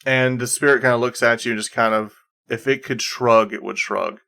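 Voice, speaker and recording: A man runs the table as game master, talking in an easy, unhurried way. He pauses often with ums and uhs as he sets each scene. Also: mid-range voice, vocal fry. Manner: relaxed, many fillers.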